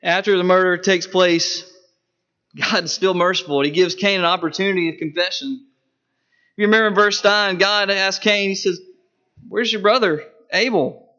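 A man preaching a sermon, emphatic, with sharp rises and drops in his voice for stress. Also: high voice, steady tone, normal speed, clear, resonant tone. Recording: dull lo-fi recording.

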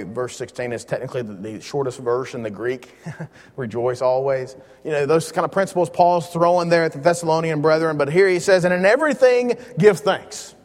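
A man teaching a Bible lesson in a relaxed, joking way, leaning hard on key words. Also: on the high side, big-room sound.

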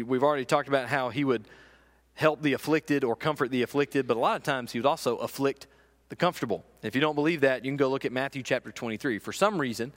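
An earnest man preaching a sermon in a church hall. His voice sits at a middling pitch and carries a long, lingering reverb. He slows and softens for quiet stretches, then builds to emphatic peaks. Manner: earnest, with quiet, slow passages and rising emphatic ones.

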